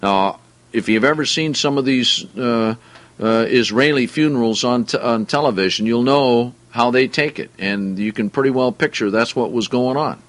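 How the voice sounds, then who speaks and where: A man's voice: mid-range voice, moderate pace, a bit bright, dry recording. A man preaching a Bible-teaching sermon, reading scripture aloud and then explaining it in plain, conversational terms.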